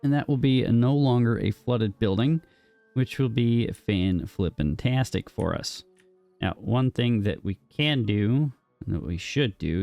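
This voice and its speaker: Slow, gravelly man narrating gameplay. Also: fairly low pitch, darkish tone, no room sound. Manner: thinks aloud, jokey, talks to himself and the game. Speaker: gaming streamer. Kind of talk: casual gameplay commentary.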